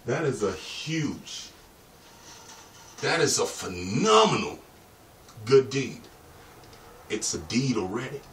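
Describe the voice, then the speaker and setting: A man's voice: mid-range voice, big pitch swings, slow pace, pauses often, distant mic. A man talks in a loose, profane, streetwise ramble straight to his own camera. He sits well back from the mic, and his voice rings in a roomy space. A faint hum of ambience runs underneath. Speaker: vlogger. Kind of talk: rambling vlog monologue.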